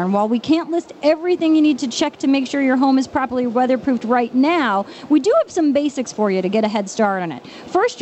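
A woman's voice: high-pitched, a little mellow, slight background noise. Upbeat Long Island woman co-hosting radio. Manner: chatty, upbeat, quick interjections. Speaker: radio show co-host. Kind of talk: radio call-in advice show.

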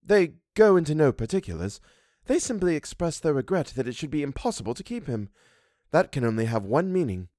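A man's voice: a little high, very animated, fairly quick, a little mellow, no echo, studio quality. A man voicing an anxious young governess. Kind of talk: audiobook reading of a classic story.

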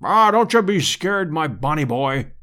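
A man voicing a bluff, slangy aristocratic English hunter who speaks briskly and heartily. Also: fairly high pitch, big pitch swings, pushed and bright, full character voice. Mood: hearty.

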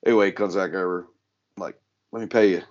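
Laid-back low-voiced man, dull sound. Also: fairly even intonation, quick pace, a little mellow. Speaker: podcast co-host. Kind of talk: casual chat.

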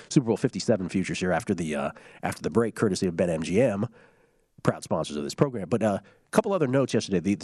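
A man's voice: on the low side, a little mellow, dry recording, clean studio sound. A man hosting a sports betting show, chatting casually and reading listener tweets aloud, humming fillers between them. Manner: quick, loose delivery with filler hums and restarts.

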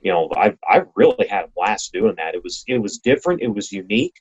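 A man's voice: deep voice, big pitch swings, darkish tone, breathy edge. A man who works as a racing announcer, talking casually as an interview guest and describing his work with enthusiasm and frequent restarts. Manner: enthusiastic, talks in quick bursts with restarts. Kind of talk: casual conversation. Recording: lo-fi, slightly dull sound.

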